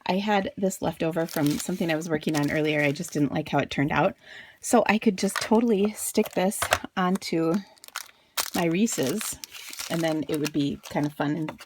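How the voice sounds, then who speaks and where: A woman's voice: on the low side, slight background noise. A woman hosting a casual craft tutorial, chatty and bubbly, with playful self-deprecating asides. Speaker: crafting channel host.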